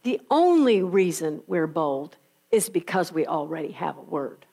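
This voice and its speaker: A woman's voice: low-pitched, sing-song, a little slow, gravelly, warm tone, husky. A woman preacher retelling scripture in a conversational, emphatic storytelling sermon.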